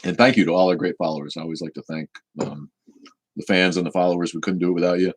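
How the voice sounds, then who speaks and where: A very low, husky man in his fifties. He hosts a casual live Q&A, answering bluntly and swearing freely. His voice sits at the deep bottom of the range. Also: steady tone, quick pace. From United States. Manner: blunt, profane, opinionated. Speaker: show host. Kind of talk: live-stream Q&A chat.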